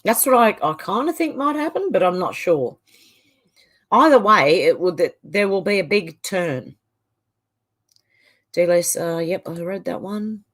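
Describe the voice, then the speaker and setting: A woman's voice: fairly low pitch, lively intonation, measured pace, long pauses, a bit bright. A middle-aged Australian woman hosts her own livestream, reading viewer comments aloud and chatting back casually. Her sentences often trail off and restart. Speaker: livestream host.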